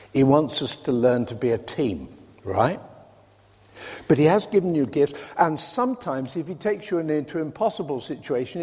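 A man's voice: fairly high pitch, darkish tone, husky. A man from Britain preaching a sermon in a conversational way, with wry asides. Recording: reverberant hall.

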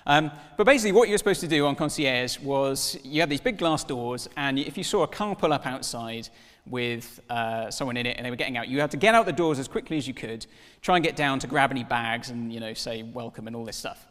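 A man in his thirties preaching a sermon, telling stories with lively acted-out dialogue. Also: medium pitch, a little fast, in a large hall. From Wales. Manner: animated storytelling, acts out dialogue in voices.

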